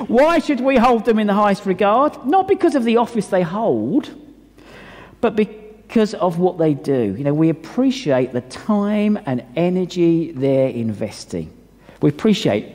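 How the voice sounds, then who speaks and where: A male pastor delivering a sermon in a church hall, emphatic and animated, with asides to the congregation. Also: a little high.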